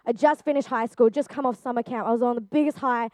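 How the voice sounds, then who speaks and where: A woman's voice: on the high side, fairly even intonation, fast talker, a little mellow, no echo, studio quality. A young woman giving a personal testimony to a group, speaking earnestly and chattily with frequent fillers. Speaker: youth speaker.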